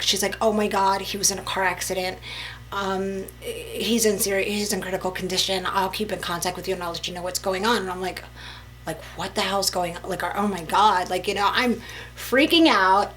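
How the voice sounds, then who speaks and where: A woman's voice: medium pitch, a little hiss or hum, poor audio. Chatty woman telling a storytime vlog. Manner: chatty, lots of "like" and "you know", animated retelling. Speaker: vlogger. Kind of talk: casual storytime chat.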